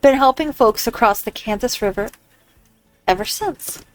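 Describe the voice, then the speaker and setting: Woman voicing a male ferryman, put-on accent, video game dialogue, slightly high voice. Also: moderate pace, soft background music, natural voice, rough recording. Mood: matter-of-fact. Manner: put-on accent, reading his lines aloud. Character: male ferryman, frontier river-crossing operator.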